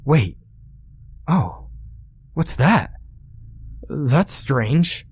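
A man voicing a calm, cold male maintenance worker who speaks in flat, terse lines. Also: mid-range voice, slow. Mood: feigned surprise.

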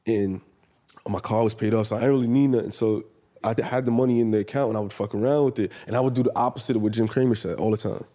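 A man's voice: on the low side, fast talker. A man telling stories in a casual podcast chat, swearing freely and acting out the people he quotes. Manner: profane, animated storyteller, acts out quotes. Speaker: podcast guest.

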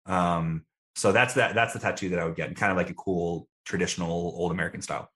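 Deep-voiced young man, easygoing. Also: steady tone, fast talker, a bit bright. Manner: easygoing, thoughtful, self-deprecating. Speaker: guest. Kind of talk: casual interview answers.

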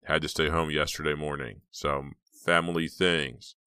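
A man voicing a mysterious, laid-back teenage boy in an audiobook, speaking in a slow, offhand way. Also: very deep voice, fairly even intonation, bright, forceful tone, clean tone, dry recording, studio quality, heavily acted.

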